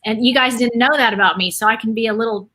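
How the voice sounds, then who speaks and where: A middle-aged woman from Dallas, Texas, tells her story as a guest on a casual podcast, chatty and quick to laugh. Her voice runs on the high side, fast, pushed, and bright.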